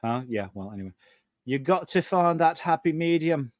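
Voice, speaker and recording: Fast-talking, excitable male stream host. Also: on the high side, no echo, clean studio sound. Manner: fast, excitable, profane rambling. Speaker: live stream podcast host. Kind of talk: casual chat.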